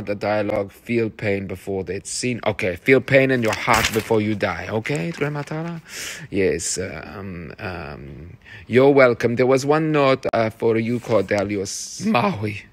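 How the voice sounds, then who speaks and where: A man's voice: on the low side, fairly bright tone. Man reading out rehearsal notes. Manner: encouraging, reads notes aloud, repeats phrases. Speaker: theatre director.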